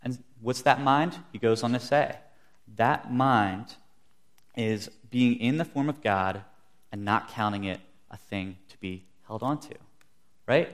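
A man's voice: mid-range voice, unhurried. A young man preaching a sermon, earnest, telling stories and acting out the quotes he gives. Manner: earnest, storytelling with acted-out quotes.

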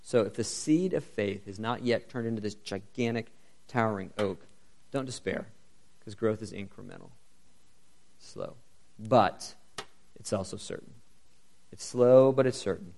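A man preaches a sermon in a low, gravelly voice. He talks in a lively, conversational way. He presses his listeners with question after question. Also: a little slow, long pauses. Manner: asks the congregation many rhetorical questions; earnest, lively, and conversational, addressing the crowd as "you guys".

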